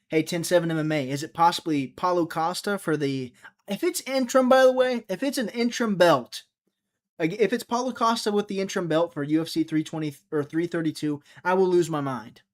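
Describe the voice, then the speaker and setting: A man with a slightly high voice hosts a loose, casual livestream. He rambles and cracks jokes, talking straight to the viewers in his chat. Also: fairly quick. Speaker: livestream host.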